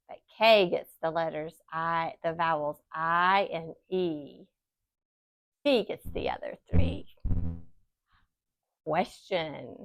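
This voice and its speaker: A woman teaching young children phonics, sounding out letters slowly in an encouraging, sing-song way. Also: on the low side, no echo.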